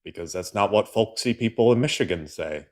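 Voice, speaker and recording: A man's voice: fairly low pitch, animated, a little fast. A man from the American South co-hosting a political livestream, ranting with sarcastic exasperation. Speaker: co-host. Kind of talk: political commentary rant.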